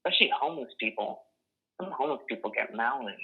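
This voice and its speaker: A man's voice: medium pitch, animated, quick pace, slightly rough. A young man from Boston telling personal stories in a blunt, profane way, full of casual fillers, heard over a tinny phone-like line. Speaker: oral history interviewee. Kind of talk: casual storytelling.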